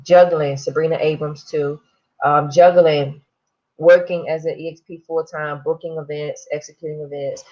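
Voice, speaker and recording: A woman's voice: sits low, steady tone, moderate pace, mellow, muffled recording. A woman interviewer in a casual interview, affirming her guest and asking follow-up questions. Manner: encouraging, affirming listener. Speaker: interviewer host.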